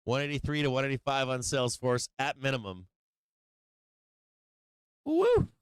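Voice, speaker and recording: A man's voice: mid-range voice, fairly even intonation, quick pace, fairly bright tone, clean tone, no room sound. Man, livestream market host, brash and profane, clean dry close sound. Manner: brash, profane, whooping and laughing. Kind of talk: casual livestream market commentary.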